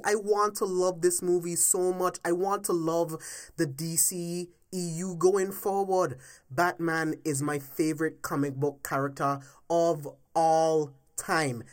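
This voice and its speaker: Woman, podcast host, solo rant, heated, swearing, low-pitched voice, loud bursts. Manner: heated, profane, emphatic ranting; swings between low mutters and loud outbursts.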